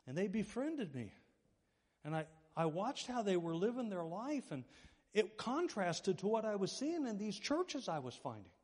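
In a large hall, a male pastor with a high, husky voice delivers a sermon at a moderate pace. He animates his stories by voicing the people he quotes.

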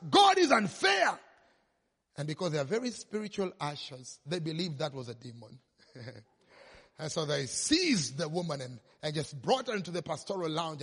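A man's voice: on the high side, husky. A male pastor telling a story in a sermon, acting out the quoted voices. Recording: long hall reverb.

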